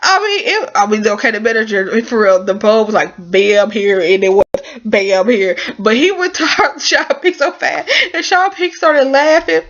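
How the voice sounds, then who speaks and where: A woman's voice: medium pitch, normal speed. A woman casually recapping a TV drama episode, talking in a chatty, informal and emotional way with lots of fillers. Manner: animated, emotional storytelling. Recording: muffled lo-fi recording.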